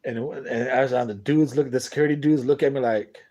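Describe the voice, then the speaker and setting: A man's voice: medium pitch, steady tone, fairly quick, warm tone. A young man telling a long, profane, rambling story in casual talk to camera on a boxing talk show.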